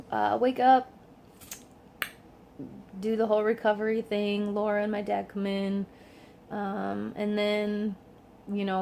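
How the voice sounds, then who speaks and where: In a mellow, mid-range voice over slight background noise, a young woman shares a casual story with her camera at home. She keeps it chatty, drops "like" constantly, and plays out the quotes.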